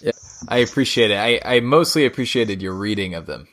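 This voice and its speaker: A man's voice: on the low side, expressive, a little fast, fairly bright tone. A man co-hosting a podcast, joking and arguing playfully in casual chat. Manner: jokey, laughs often, argues playfully. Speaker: podcast co-host.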